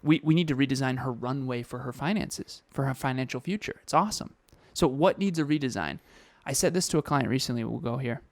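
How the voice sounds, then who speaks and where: A man's voice: medium pitch, a little fast, hardly any pauses, no echo. A man co-hosting a podcast in casual motivational chat, emphatic and fond of repeating key phrases. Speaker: podcast co-host.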